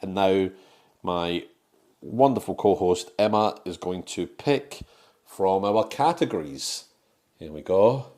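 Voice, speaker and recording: A man's voice: low voice, slow pace, mellow. A man co-hosting a film podcast in casual, jokey chat, laughing often and teasing his co-host.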